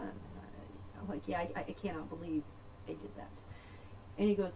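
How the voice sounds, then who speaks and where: A middle-aged woman telling a personal story in a rambling, chatty way, laughing often and filling pauses. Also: medium pitch, darkish tone, lo-fi sound, slight background noise. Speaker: podcast host.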